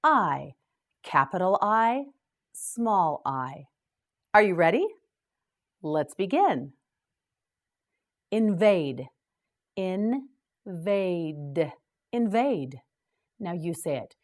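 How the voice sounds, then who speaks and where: A woman hosting a scripted English vocabulary lesson, slowly and clearly drilling each word for learners to repeat. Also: lowish voice, very animated. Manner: slow, clear drilling of words. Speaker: English teacher and host.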